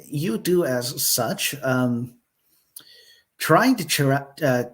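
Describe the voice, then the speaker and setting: Brief: man, middle pitch, slow and halting, narrates and hands out turns. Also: animated. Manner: slow, hesitant, many fillers. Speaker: storyteller leading the session. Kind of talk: improvised collaborative storytelling.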